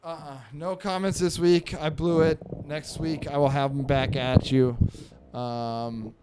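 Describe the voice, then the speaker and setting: A man's voice: fairly high pitch, little pitch movement, a little slow, noisy background. A man co-hosting a podcast, describing comic panels aloud in a casual, playful chat. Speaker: podcast co-host.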